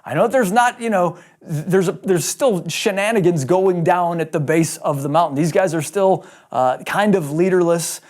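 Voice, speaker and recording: Animated male pastor retelling scripture. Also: high voice, moderate pace. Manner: animated storytelling with acted-out dialogue. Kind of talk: sermon.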